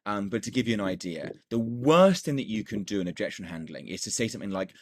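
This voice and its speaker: A man's voice: fairly low pitch, expressive, fast, hardly any pauses, no room sound. A man teaching a recorded sales course as a coach, enthusiastic, repeating words and filling gaps with "done, done, done".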